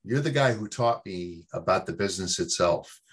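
Husky New Yorker talking baseball. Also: male voice, deep voice, expressive, moderate pace. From New York. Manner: rambling, with many fillers and restarts. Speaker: podcast guest. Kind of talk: casual sports chat.

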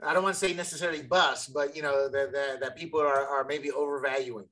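A man, a podcast co-host, talking sports in a halting way, repeating words as he goes. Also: medium pitch, fairly even intonation, sharp tone. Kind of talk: casual sports chat.

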